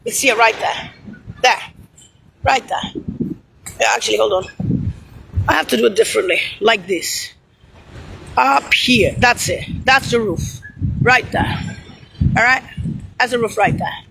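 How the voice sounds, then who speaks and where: A woman's voice: fairly high pitch, a little slow, gravelly, pauses often, fairly bright tone, slight background noise, rough recording. A woman delivering an angry, profane, rambling monologue, hurling insults and pointing things out on screen. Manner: points at something on screen while talking.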